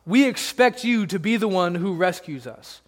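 High-voiced man preaching in a hall. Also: lively intonation, normal speed. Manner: conversational, rhetorical questions, emphatic. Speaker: pastor. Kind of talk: sermon.

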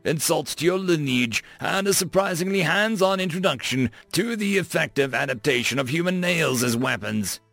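A man plays a laid-back human crewman for a spoken space story, pitched a little above his own voice with a lively lilt. He talks loosely and swears lightly. The reading is dry and close. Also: vocal fry, no room sound, full character voice. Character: easygoing young adult human spacer man, crude-mouthed.

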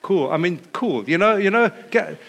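A middle-aged man preaching a sermon, telling stories with animated delivery and building to a repeated refrain. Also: high-pitched, normal speed, gravelly. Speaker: pastor.

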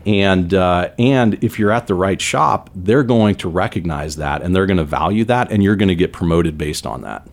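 Man, 40s, from San Diego, very deep voice, earnest rambling interview guest. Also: normal speed, gravelly, hardly any pauses. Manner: earnest, rambling with many "you know" fillers. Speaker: business leader guest. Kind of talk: conversational interview storytelling.

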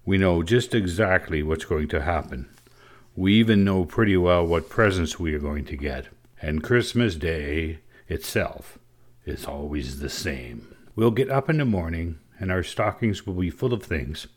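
Brief: deep-voiced man voicing a grumbling, world-weary boy in a storybook reading, low and sulky. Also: lively intonation, measured pace. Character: bored sulky teenage boy grumbling about Christmas.

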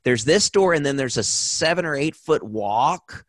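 A man telling a backstage story as an interview guest, animated and acting out the voices of others. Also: a little high, unhurried, dry recording, clean studio sound. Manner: animated, acts out voices in his stories. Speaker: guest performer. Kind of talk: casual storytelling.

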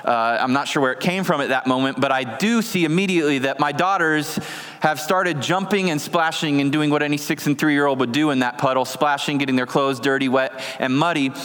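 A man in his thirties, a pastor preaching a sermon in an earnest, measured way with slow deliberate phrasing. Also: a little high, fairly bright tone. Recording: long reverb of a large hall.

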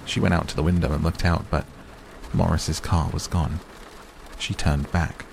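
A man narrating a novel in a steady, measured way. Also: very deep voice, vocal fry, noisy background. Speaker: audiobook narrator. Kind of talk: scripted narration.

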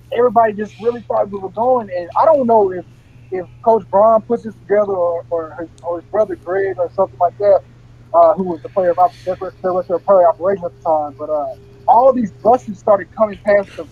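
A young man and former college football player, telling stories as an interview guest in a relaxed way, often laughing and repeating words. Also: sits high, breathy edge, lo-fi sound. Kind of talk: casual interview.

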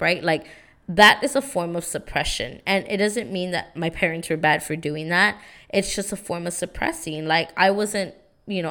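A woman's voice: fairly low pitch, fairly bright tone, clean tone. A young woman hosting a podcast, talking earnestly and casually about parenting and often adding "right?" to her points. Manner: earnest, keeps asking "right?". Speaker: podcast host. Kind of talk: casual motivational talk.

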